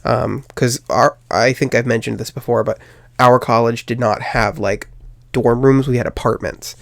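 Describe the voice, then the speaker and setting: A man's voice: mid-range voice, fairly even intonation, normal speed, creaky, a bit bright, dry recording, studio quality. A young man hosting a podcast, telling a personal story in a rambling way, with many fillers and restarts. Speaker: podcast host.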